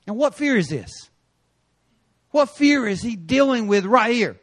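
A man preaching in a church sanctuary, his voice sitting high for a man. He tells stories with energy, jumping from loud, punchy lines to quiet asides. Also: unhurried. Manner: animated storytelling with sudden loud and quiet turns. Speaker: guest preacher. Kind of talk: sermon.

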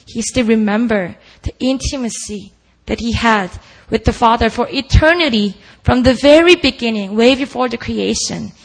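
A woman's voice: on the high side, vocal fry, rough recording. A woman preaching a sermon at a prayer meeting, earnest and full of rhetorical questions put to the listeners.

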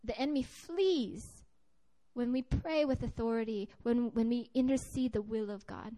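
A woman's voice: fairly high pitch, moderate pace, warm tone. A woman giving a conversational, earnest sermon with a personal story to a group, often restarting her sentences. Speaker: preacher.

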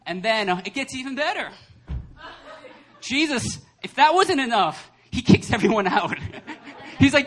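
A young adult man, a pastor, preaching a lively sermon that acts out voices and laughs often. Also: sits high, a little fast. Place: church service hall.

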